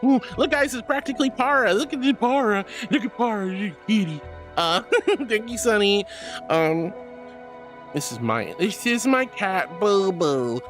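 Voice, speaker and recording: A woman's voice: mid-range voice, expressive, unhurried. Bubbly gushing woman streamer. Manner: bubbly, gushing and affectionate, with squeals and baby talk. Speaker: livestreamer reading chat. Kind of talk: casual livestream chat. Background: faint music.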